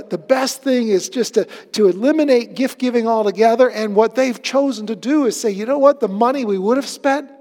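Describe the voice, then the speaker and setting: A man preaching a sermon, with a conversational, animated storytelling manner. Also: high-pitched, big-room sound. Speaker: pastor.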